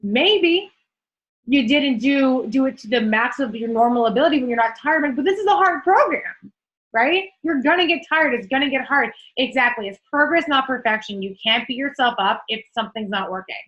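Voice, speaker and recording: Casting: young woman fitness coach, upbeat and casual, slightly high voice, muffled call audio. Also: moderate pace. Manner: energetic, chatty, swears casually. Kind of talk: casual motivational talk on a group call.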